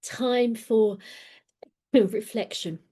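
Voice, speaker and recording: A woman talks slowly and earnestly about personal growth. Her voice sits slightly high, and she often repeats a word while gathering her thoughts. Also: fairly even intonation, warm tone, husky. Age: 60s. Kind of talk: reflective spoken talk on personal growth.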